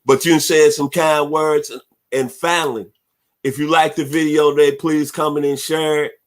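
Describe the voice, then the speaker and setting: A man from Memphis, Tennessee, hosting sports talk radio, giving heartfelt shout-outs. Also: on the high side, flat delivery, unhurried. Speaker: host.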